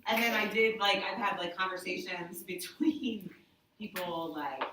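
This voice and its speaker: A woman who works as a sign language interpreter, telling stories to a group in a chatty, animated way with lots of "like". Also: lowish voice, unhurried, a little hiss or hum. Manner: animated, chatty, heavy use of "like". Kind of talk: casual storytelling to a group. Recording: echoey room, voice from far off.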